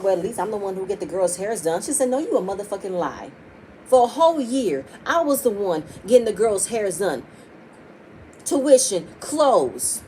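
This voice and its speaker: A woman's voice: fairly high pitch, darkish tone, a little hiss or hum, poor audio. A woman giving a casual recap of a reality TV episode, heated and profane as she talks straight to her viewers. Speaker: reality show reviewer.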